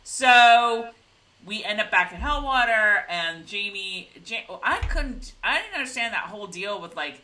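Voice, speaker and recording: Bright, lively woman recapping a show. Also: mid-range voice, unhurried. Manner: animated, giggly, acts out scenes in voices. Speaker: podcast co-host recapping a TV episode. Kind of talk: casual chat.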